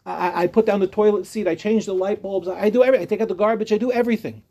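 A man's voice: high voice, steady tone, very fast, gravelly, warm tone. A man quoting a frustrated husband who complains to a rabbi and lists his chores in exasperation. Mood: exasperated.

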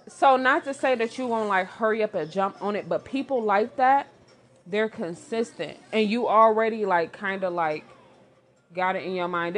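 A woman, giving blunt, animated relationship advice in casual commentary, talking straight to the listener. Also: medium pitch, slight background noise.

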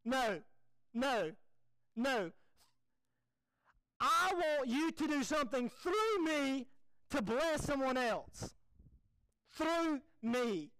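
Very high-voiced preacher man. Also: animated, drawn-out words, pauses often, a bit bright, no room sound, rough recording. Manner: conversational and joking, with acted quotes. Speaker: pastor. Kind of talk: sermon.

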